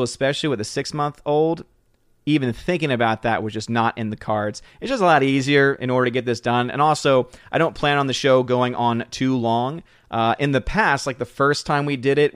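A man hosting a casual live stream, greeting viewers by name and reading their comments aloud. His voice is smooth and clear at a middle pitch, and it sounds dry and close on the microphone. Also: dry recording. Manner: chatty, reads chat names aloud with frequent fillers. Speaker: livestream host.

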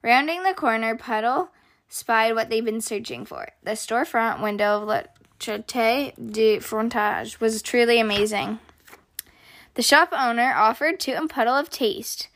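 Lady reading a kids story out loud, gentle and expressive, kinda high voice. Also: measured pace. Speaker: host, storyteller. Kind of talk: children's story read-aloud.

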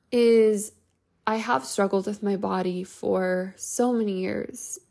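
A young adult woman hosting a self-help podcast, talking in a gentle, reflective and loosely flowing casual way. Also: mid-range voice, vocal fry. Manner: gentle, reflective, speaks in loose flowing sentences with frequent "like" and "you know". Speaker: podcast host.

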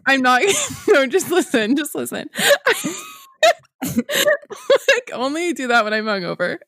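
A woman's voice: high-pitched, wildly swooping pitch, slow, fairly bright tone, no echo, clean studio sound. A young woman co-hosting a podcast, chatting casually with a friend, giggling and using lots of fillers. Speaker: podcast co-host. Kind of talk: casual chat.

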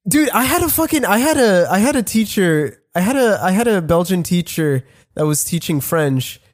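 Male co-host with a high voice, quick to react, swears constantly. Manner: excitable, profane reactions. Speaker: podcast co-host. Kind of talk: casual chat.

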